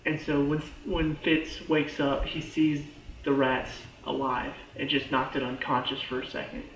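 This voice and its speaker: An excitable man reviews a TV show in a casual ramble, with a fairly high voice. The recording is roomy and dull, with a faint hiss underneath. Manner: excitable, lots of fillers and restarts.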